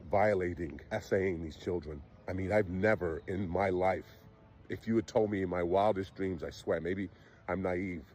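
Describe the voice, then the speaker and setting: A man's voice: deep voice, normal speed, darkish tone. A man speaking in an emotional, overwrought confessional video, sounding shaken and dramatic. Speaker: man in a played online video.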